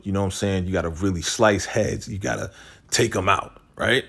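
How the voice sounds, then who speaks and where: Slangy man recapping a show, deep. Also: a little fast, vocal fry, a bit bright, slightly rough. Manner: retells scenes, quoting characters in a lowered voice; slangy, repeats "right?" and "you know". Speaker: TV recap host. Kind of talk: casual episode recap.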